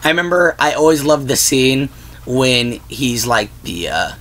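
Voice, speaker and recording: A man's voice: mid-range voice, big pitch swings, unhurried, a bit bright. A man hosting a casual vlog, chatting about movies in a rambling way full of "like" and "whatnot.". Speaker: vlog host. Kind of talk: casual movie-list chat.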